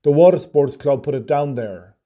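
A man's voice: a little high, moderate pace, warm tone, lightly acted. A man voicing a wary local man who swims the lake, with an easygoing, slightly nervous manner.

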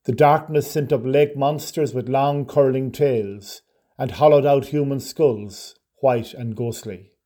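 A man narrating a short story in a measured, even storytelling manner. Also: mid-range voice.

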